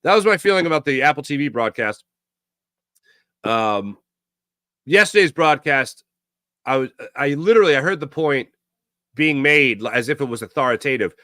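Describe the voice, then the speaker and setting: A man's voice: medium pitch, animated, moderate pace, pauses often, bright, forceful tone, no echo, clean studio sound. A man hosting a sports talk show, ranting sarcastically and casually while reading viewer comments. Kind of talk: casual live-stream chat reading comments.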